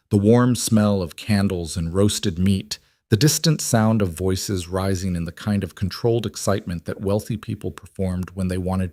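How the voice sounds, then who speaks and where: A man narrating a scripted fantasy story in a steady, measured way. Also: low voice, no room sound, clean studio sound.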